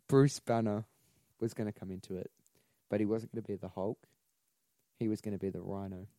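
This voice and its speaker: A man's voice: on the low side, steady tone, normal speed, dark tone, no room sound. A man co-hosting a podcast in casual chat, joking and swearing as he rambles about movies. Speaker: podcast co-host.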